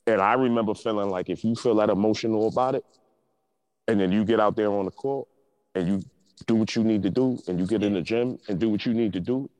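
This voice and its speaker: A man with a low voice co-hosting a relaxed sports talk show, emphatic and given to repeating phrases. His voice sits close and dry, with a long reverb trailing behind it. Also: fast. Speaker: sports podcast co-host. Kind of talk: casual sports chat.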